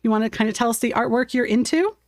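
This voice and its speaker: A woman's voice: on the high side, quick pace, no room sound, studio quality. A woman chatting casually on a live art stream while she paints at her home desk, talking to her cat and viewers and laughing often.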